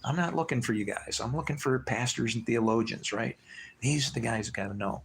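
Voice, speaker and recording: A man's voice: mid-range voice, a little fast, creaky, a little hiss or hum. A man hosting his own live stream, rambling loosely between thoughts, swearing freely and laughing to himself. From United States. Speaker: livestream host.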